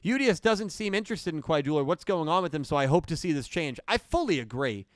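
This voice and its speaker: A young man hosting a podcast, hyped and rushed as he chats and reads out donations. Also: on the high side, lively intonation, no room sound. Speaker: podcast host reading donations. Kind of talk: excited casual chat.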